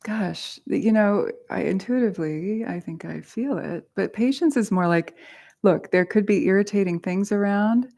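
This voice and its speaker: A woman's voice: medium pitch, normal speed, vocal fry, warm tone. A woman dharma teacher giving a talk with personal stories, candid, laughing often and swearing freely.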